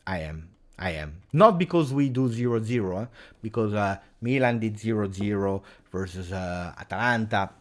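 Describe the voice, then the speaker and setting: A man's voice: fairly low pitch, moderate pace. A man hosting a live football reaction stream, agitated and emphatic, repeating his points. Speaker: football channel host.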